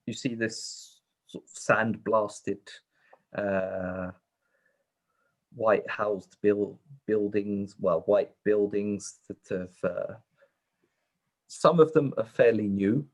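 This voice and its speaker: Casting: male game master, lowish voice, halting narration with lots of "uh". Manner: hesitant, many fillers.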